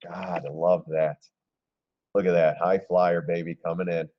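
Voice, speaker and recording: A man hosting a casual live stream, commenting on stock charts in an excitable, gleeful way and often clearing his throat. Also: low voice, a little slow, muffled recording. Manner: excitable, gleeful when shorts pay off, throws in mocking voices.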